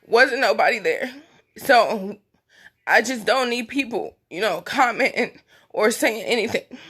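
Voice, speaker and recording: Tearful young woman, high-pitched, blunt emphatic phone livestream. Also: lively intonation, a little slow, fairly bright tone, breathy edge. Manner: blunt, emphatic, repetitive, speaking through tears. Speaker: mother speaking on a livestream. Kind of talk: emotional personal livestream monologue.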